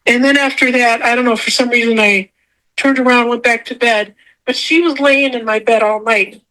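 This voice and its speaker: A woman's voice: on the high side, fairly even intonation, normal speed, pushed and bright, poor audio. A woman guest telling a personal story in a casual chat, emotional and rambling, often repeating herself. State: tearful at times. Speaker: podcast guest.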